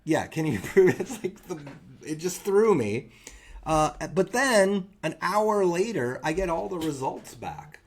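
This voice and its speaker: A man's voice: high voice, very animated, a little slow. A man co-hosting a podcast, telling a funny story in casual chat and acting out the other people's lines. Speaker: podcast co-host.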